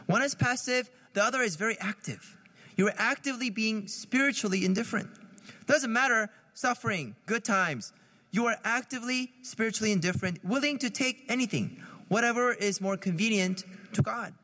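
A man's voice: high-pitched, fairly quick, pushed and bright, in a large hall. A man, a priest, giving a conversational sermon, asking the listeners questions and laughing lightly at his own jokes.

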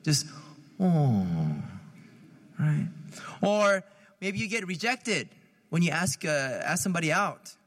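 A man's voice: sits high, lively intonation, measured pace, fairly bright tone, in a large hall. A man, a priest, giving a conversational sermon, asking the listeners questions and laughing lightly at his own jokes.

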